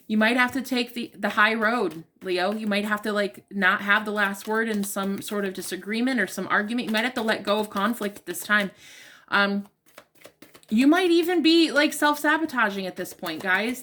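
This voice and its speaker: A woman reading tarot cards for her viewers in a loose, casual, heartfelt way. She speaks at a middling pitch and addresses the listener directly, full of "like" and "um". Her tone is open and emotional rather than polished. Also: a bit bright. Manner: chatty, emotionally open, talks straight to the listener with many fillers. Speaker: tarot reader.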